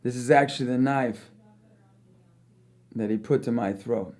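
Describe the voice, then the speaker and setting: A man giving a devotional testimony, telling a story in an animated way and often laughing as he talks. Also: medium pitch, measured pace.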